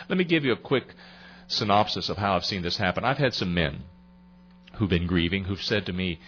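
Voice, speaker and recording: A middle-aged man speaks earnestly at a memorial gathering in a low voice. He repeats his key phrases and acts out little dialogues. The recording is dull and lo-fi. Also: lively intonation, a little fast, a bit bright, a little hiss or hum. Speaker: grief counselor speaking at a memorial service. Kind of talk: sermon-like talk.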